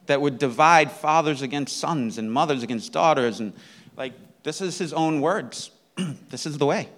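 A man preaching a sermon in an earnest teaching manner, often checking in with the listeners and clearing his throat. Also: high-pitched, a bit bright. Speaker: pastor.

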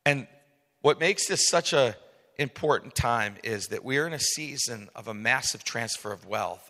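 A man preaching a sermon as pastor, swinging from soft asides to loud emphatic peaks. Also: medium pitch, animated, unhurried, in a large hall.

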